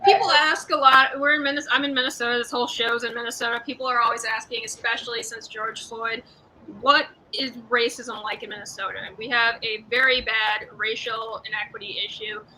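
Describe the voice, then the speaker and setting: A woman's voice: fairly high pitch, flat delivery, a little fast, few pauses, sharp tone, a little hiss or hum, low-quality recording. A young woman stand-up comedian doing a live-streamed set, talking in a sarcastic, rambling, conversational way.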